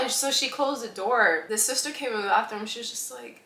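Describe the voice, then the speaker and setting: A young woman vlogger tells a personal story in a lively, laughing way, acting out the voices of the people involved. Her voice sits high, her delivery is brisk, and the sound is reverberant.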